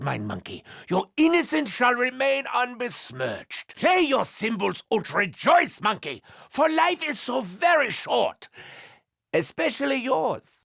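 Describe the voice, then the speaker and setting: An actor playing a manic, gleeful male mad scientist in a video game, with a German accent, theatrical delivery and sudden shouts and cackles. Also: high-pitched, gravelly, dry recording, studio quality, full character voice.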